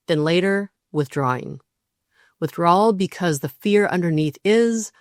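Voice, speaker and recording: A woman hosting a relationship podcast, talking through ideas in a calm, measured monologue and briefly voicing quoted partners. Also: low voice, dry recording, clean studio sound.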